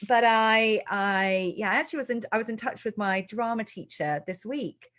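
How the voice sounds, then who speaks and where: A woman's voice: fairly high pitch, moderate pace, a bit bright. An upbeat, self-deprecating woman hosting a live-streamed interview over a video call from an office. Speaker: host. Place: farm office indoors.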